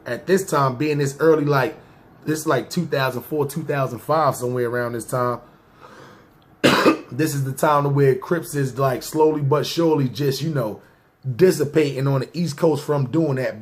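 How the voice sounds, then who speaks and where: A man, telling a personal story in slangy, casual talk and often checking "see what I'm saying". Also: mid-range voice. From New York. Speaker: podcast storyteller.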